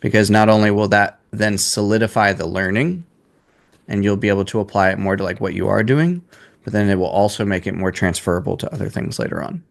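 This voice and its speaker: A man's voice: lowish voice, a little fast, gravelly. A man in his twenties coaching a sales class in a casual, blunt way, swearing freely. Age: 20s.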